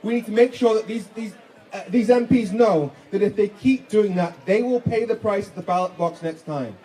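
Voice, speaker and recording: A man's voice: high-pitched, moderate pace, warm tone, low-quality recording. A man giving an indignant, fiery rally speech full of rhetorical questions at an outdoor street protest. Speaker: protest speaker.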